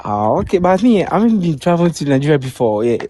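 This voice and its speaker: A man's voice: fairly high pitch, very animated, quick pace, noisy background. A man in his twenties with a Ghanaian accent, calling in from outdoors, hesitant and agreeable, often answering with yeah. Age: 20s. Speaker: caller.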